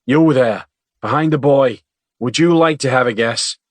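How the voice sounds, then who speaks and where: A man voicing a big, battered but gentle man with a friendly, teasing manner. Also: mid-range voice, unhurried, no room sound, voice pushed up, close to an everyday voice. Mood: amiable, teasing. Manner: friendly, playful questioning.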